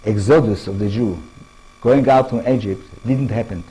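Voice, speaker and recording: A man with an Israeli accent giving a lecture to an audience in halting English, often restarting words and checking in with his listeners. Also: on the low side, dark tone, breathy edge, poor audio. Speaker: author giving a public talk.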